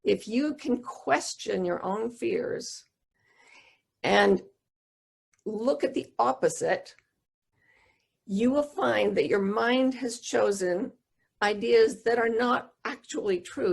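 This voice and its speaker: A woman's voice: fairly high pitch, vocal fry, slightly rough. A middle-aged woman giving an earnest, intimate storytelling talk over a video call. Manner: earnest, intimate storyteller who slows down for emotional moments. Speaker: wisdom teacher giving a talk.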